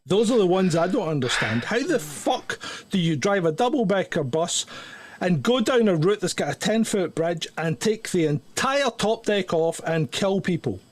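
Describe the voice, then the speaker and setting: A man with a high, lively voice co-hosting a late-night talk stream. He talks in a loose, animated way, curses often and jumps into little acted-out quotes. His pitch swings widely from line to line. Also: normal speed, a little hiss or hum. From Scotland. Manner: animated, swearing, acts out what people say. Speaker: podcast co-host. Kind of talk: casual chat.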